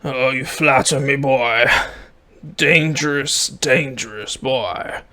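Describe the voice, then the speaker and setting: A man's voice: medium pitch, sharp tone. A man putting on a portly, fussy old collector. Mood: courtly. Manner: slow, drawn-out, courtly speech. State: out of breath.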